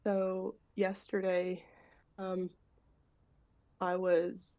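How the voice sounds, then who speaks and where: A woman with a lowish voice and a completely flat delivery drags out her words while telling a casual story on a video call, circling toward a question. She rambles and hesitates, often restarting and filling gaps. The recording is dry, dull, low-fidelity call audio.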